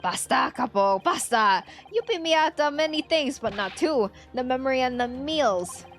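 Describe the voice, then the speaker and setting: Brief: excitable Italian thug, woman doing the voice, high and jumpy, thick comic Italian accent. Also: normal speed, faint music behind. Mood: pleading. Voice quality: exaggerated comic accent, fillers. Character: excitable male Italian thug, food-loving.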